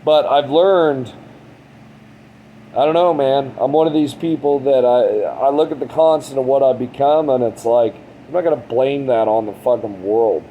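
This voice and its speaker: A man's voice: medium pitch, moderate pace, phone-quality sound, slight background noise. A man in his thirties talking bluntly and frankly in a casual monologue, rambling and swearing a lot. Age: 30s. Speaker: vlogger.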